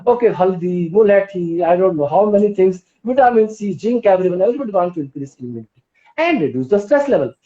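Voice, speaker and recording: Fast-talking and animated, this woman has a warm, mid-range voice and an Indian English accent. She teaches yoga on a live stream, persuading her audience and asking them many questions in a wellness talk. Audio from her phone or laptop mic is roomy, dull and lo-fi.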